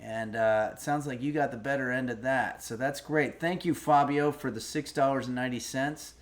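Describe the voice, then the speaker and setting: A middle-aged man chats casually on a livestream, thinking out loud and rambling from one thought to the next. His voice sits in an ordinary mid pitch for a man. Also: steady tone, moderate pace. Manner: rambling, musing aloud. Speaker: streamer host. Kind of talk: casual livestream chat, reading donations and a recipe.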